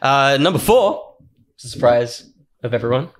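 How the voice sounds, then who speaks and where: A man, co-hosting a casual podcast chat, relaxed and quick to laugh, often trailing off mid-sentence. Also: mid-range voice. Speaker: podcast co-host.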